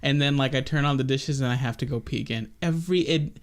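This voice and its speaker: A man's voice: medium pitch, steady tone, quick pace, clear, resonant tone. Rambling, goofy young man podcast host. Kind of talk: casual chat.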